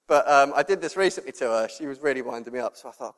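A male preacher, giving a sermon with lively storytelling and laughter. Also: on the high side, fast, hardly any pauses. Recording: long reverb in a hall.

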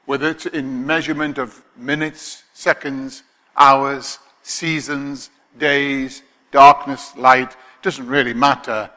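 Bright-voiced male pastor preaching in a hall. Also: mid-range voice. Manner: emphatic, rhetorical questions to the congregation. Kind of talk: sermon. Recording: long hall reverb.

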